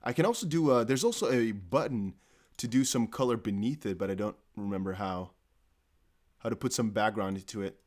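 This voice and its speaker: A man's voice: fairly low pitch, brisk, darkish tone. Chatty man hosting a live stream. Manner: chatty and jokey, thinking aloud with many fillers. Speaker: crypto livestream host. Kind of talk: casual live-stream commentary.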